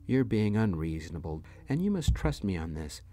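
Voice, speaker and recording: A man reading a stubborn father who yells back at his wife, in a deep, dark voice. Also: sing-song, normal speed, no room sound. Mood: angry. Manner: yelling, dismissive.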